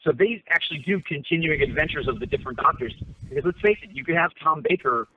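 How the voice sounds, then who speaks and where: A man's voice: fairly high pitch, lively intonation, quick pace. Man rambling over a tinny phone line. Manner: rambling, with many fillers and restarts. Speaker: co-host. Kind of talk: casual chat. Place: parked car.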